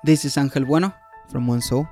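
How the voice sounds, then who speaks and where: A man hosting a faith podcast, speaking in an earnest, exhorting way and slowing down on his key points. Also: medium pitch, dark tone, soft background music. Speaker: podcast host.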